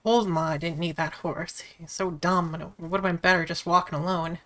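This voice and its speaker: A woman's voice: fairly low pitch, fairly even intonation, fairly quick, a bit bright, close to an everyday voice. A woman voicing a drowsy, slightly dim young man who grumbles about being lost, reading a visual novel aloud. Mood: groggy. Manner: plain, drowsy, mildly grumbling.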